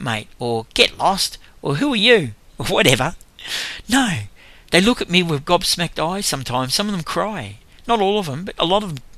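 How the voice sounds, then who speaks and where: An older man, telling a lively testimony about his street evangelism, laughing as he goes. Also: on the high side, no echo. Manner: animated storytelling with laughs. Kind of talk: testimony talk.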